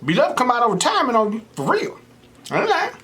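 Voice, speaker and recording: On his mukbang channel, a young man with a very high-pitched voice talks quickly, chatting casually while he eats. He tells animated stories and imitates the voices of the people he quotes.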